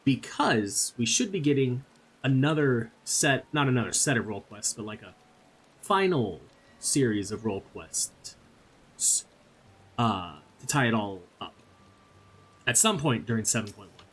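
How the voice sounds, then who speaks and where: A man casually commenting over his own gameplay, rambling and self-deprecating as he thinks out loud. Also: mid-range voice, animated, unhurried, slightly rough. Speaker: gaming channel host.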